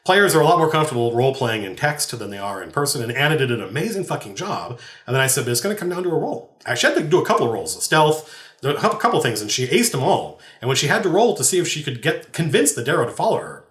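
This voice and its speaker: A man's voice: mid-range voice, a bit bright. A man and game master telling a story from his tabletop game in a rambling, laughing way with many restarts. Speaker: game master and podcast host. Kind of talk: casual anecdotal storytelling. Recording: roomy echo.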